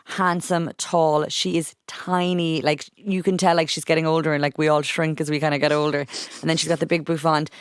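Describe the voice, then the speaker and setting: A woman hosting a podcast, chatting casually and animatedly with plenty of fillers. Her voice is smooth and resonant, recorded dry and close. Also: low-pitched, flat delivery, a little fast, dry recording. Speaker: podcast host. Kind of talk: casual chat.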